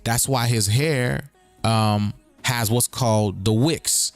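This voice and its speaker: A man hosts a streaming show in a casual, rambling way, with his voice sitting at an ordinary middle pitch. He circles back over the same points again and again and keeps checking in with his listeners. Faint music plays behind him. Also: slow, dry recording. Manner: breaks words apart and riffs on them. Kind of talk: casual livestream commentary.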